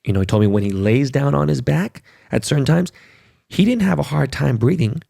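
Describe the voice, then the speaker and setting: Middle-aged male podcast host with a gravelly voice; he rants in a casual, profane, emphatic way. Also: mid-range voice, lively intonation, fairly quick, dark tone, no room sound, clean studio sound. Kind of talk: casual monologue.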